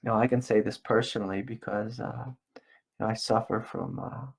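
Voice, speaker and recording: A middle-aged man giving a gentle, slow spiritual talk as a meditation teacher, repeating phrases softly. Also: fairly low pitch, level tone, creaky, husky. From United States. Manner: slow, gentle and soft-spoken with repetitions.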